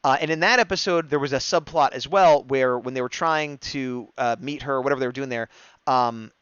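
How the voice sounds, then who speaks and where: A man co-hosting a fan discussion show, excitedly rambling through an episode recap and acting out quoted lines. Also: medium pitch, brisk, clear, resonant tone, dry recording. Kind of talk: casual recap chat, livestream. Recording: dull, dry, lo-fi stream mic.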